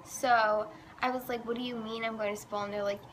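A woman's voice: a little high, flat delivery, fast. A teenage girl casually telling her own story, saying "like" a lot. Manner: chatty, says "like" a lot. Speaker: vlogger. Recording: faint background noise.

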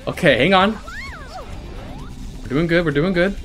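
A man giving excited commentary while playing a video game, swinging between calm explanation and shrieking, laughing panic, swearing a lot and boasting jokingly. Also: high voice, unhurried, long pauses, soft background music. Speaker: gaming YouTuber.

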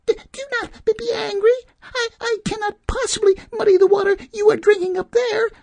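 A tiny, terrified lamb pleads in a squeaky, sky-high voice, stumbling over every word. The voice has a rough, crackly edge. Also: male voice, steady tone, brisk, a crowd in the background. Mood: trembling, stammering. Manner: stuttering, frightened pleading. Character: timid trembling young lamb, stammering.

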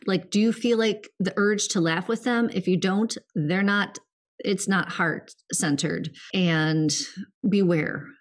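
A middle-aged woman co-hosting a spiritual podcast, talking earnestly in a rambling casual way with many fillers. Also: medium pitch. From United States. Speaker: podcast co-host.

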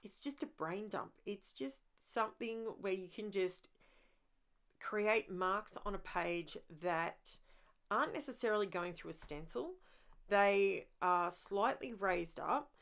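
Speaking slowly with vocal fry, a woman with a medium-pitched, fairly bright voice talks through her process while hosting a crafting video. She rambles enthusiastically, often restarting her thoughts, and loves messy art play.

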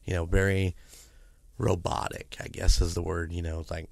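A man's voice: low voice, flat delivery, moderate pace, gravelly, dry recording, clean studio sound. A man co-hosting a podcast, reading a paranormal story aloud with chatty asides and the odd restart.

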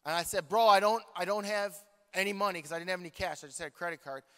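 Man, pastor, animated storytelling sermon, high voice, long church hall reverb. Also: fast. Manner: animated, joking, talks to the congregation.

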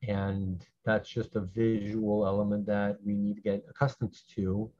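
A man teaching a slow Hebrew reading lesson, patiently repeating each syllable so learners can follow. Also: on the low side, flat delivery, warm tone. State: clearing his throat. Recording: dull lo-fi sound.

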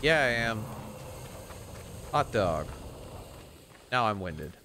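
A man's voice: fairly low pitch, very animated, slow, background noise. A man giving casual, joking commentary while playing a video game. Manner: joking, playful asides. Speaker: let's play host.

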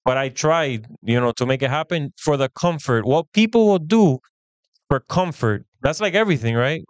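Smooth-voiced man telling stories. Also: a little high, moderate pace, no echo. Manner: animated, acts out quoted dialogue. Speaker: podcast co-host. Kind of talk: casual storytelling chat.

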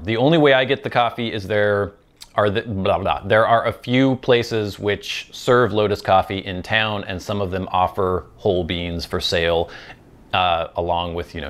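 Relaxed, lower-voiced man chatting. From Pacific Northwest of the US. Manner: relaxed, chatty and self-deprecating. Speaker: host. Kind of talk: casual chat while smoking a pipe.

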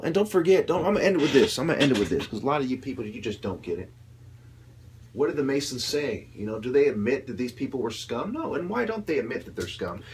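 A young man delivering a heated, profane political rant, mocking the people he criticizes in put-on voices. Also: lowish voice. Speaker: video commentator.

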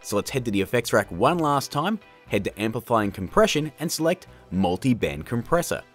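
Lively, chatty man hosting a tutorial. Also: medium pitch, fairly quick, soft background music. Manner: chatty and upbeat, with jokey asides. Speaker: video tutorial host. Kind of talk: casual editing tutorial.

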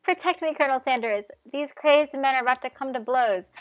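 A woman's voice: high voice, brisk, voice pushed up, close to an everyday voice, low-quality recording. A woman doing a coy flirt.

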